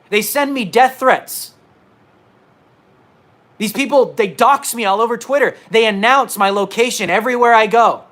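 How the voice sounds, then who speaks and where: Fired-up male independent reporter, livestream rant, slightly high voice, repeats himself hard. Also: normal speed, fairly bright tone. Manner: indignant, emphatic, repeats himself. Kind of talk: livestream monologue. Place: indoors at a laptop.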